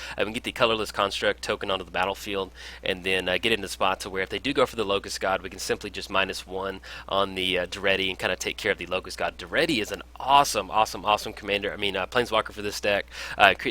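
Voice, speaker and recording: A man's voice: lowish voice, pushed and bright. A man casually commentating his own card game match in an upbeat, chatty way, with frequent fillers. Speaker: gameplay commentator.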